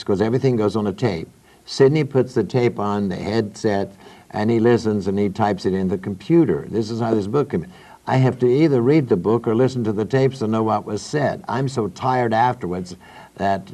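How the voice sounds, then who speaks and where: A man with a Southern American drawl makes his points with blunt, outspoken emphasis. His voice sits fairly low and sounds warm and mellow rather than sharp. He talks like a reverend sharing his views as a guest on a studio talk show. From Southern United States. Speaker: reverend and trance medium.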